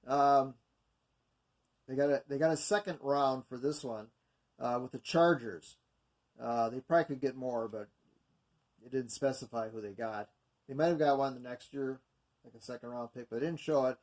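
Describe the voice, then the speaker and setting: A man's voice: mid-range voice, moderate pace, pauses often, a little mellow. Rambling man reading mock draft picks. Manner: rambling, full of fillers and self-corrections. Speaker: video host going over mock drafts. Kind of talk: casual unscripted commentary.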